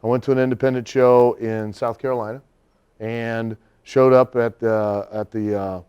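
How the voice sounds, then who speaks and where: A middle-aged man, a wrestler, telling a long anecdote in a casual interview, animated and laughing often. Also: medium pitch, normal speed, clear, resonant tone, lo-fi sound.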